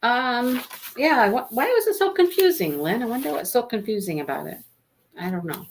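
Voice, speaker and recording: A woman's voice: a little high, expressive, normal speed, slight background noise. A woman hosting a live book discussion, chatting casually, telling stories and laughing often as she reads out viewer comments. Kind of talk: casual chat on a livestream.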